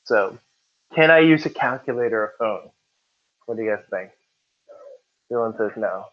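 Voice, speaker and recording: A man's voice: lowish voice, animated, normal speed. Joking male tutor in a dull recording. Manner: chatty, joking with students. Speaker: test-prep tutor. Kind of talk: classroom teaching. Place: classroom.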